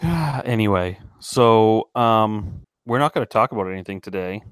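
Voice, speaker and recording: A man co-hosting a podcast in casual banter, with wry, deadpan humor, steering the talk. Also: lowish voice, unhurried, clear, resonant tone, no room sound, clean studio sound. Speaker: podcast co-host.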